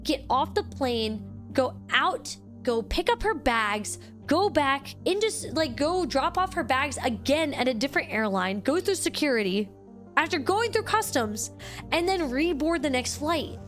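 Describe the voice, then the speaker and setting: A young woman streamer telling a story to her chat in a casual, animated way, restarting sentences often. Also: high-pitched, a little slow, faint music behind. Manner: animated, excitable, lots of restarts and "like".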